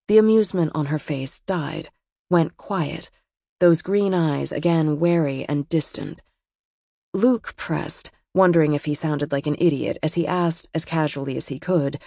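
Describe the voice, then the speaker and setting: A woman reading a novel aloud as an audiobook narrator, in a measured storytelling voice. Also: deep voice, lively intonation, gravelly, mellow, husky, no room sound, clean studio sound. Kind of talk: scripted narration.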